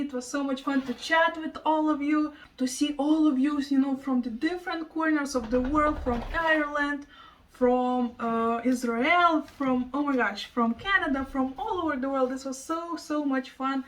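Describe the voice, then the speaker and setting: Gushing woman, high voice. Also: normal speed, distant mic, poor audio. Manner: gushing, excitable, breaks into laughs. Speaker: plant vlogger. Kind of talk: casual vlog chat. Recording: voice a bit off-mic.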